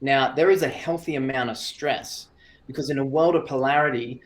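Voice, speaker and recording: A man talking as a breathwork coach in a casual podcast interview, calm and explanatory, in short phrases. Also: mid-range voice, moderate pace.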